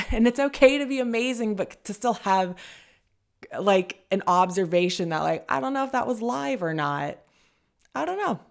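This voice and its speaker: A woman's voice: mid-range voice, vocal fry. A woman hosting a casual commentary show, chatty and hedging, often laughing as she talks. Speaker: podcast host.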